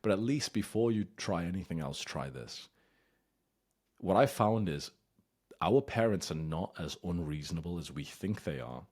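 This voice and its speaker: A man's voice: low voice, animated, normal speed, darkish tone, breathy edge. A young man giving blunt, casual advice as host, swearing freely and now and then acting out whiny, childish voices.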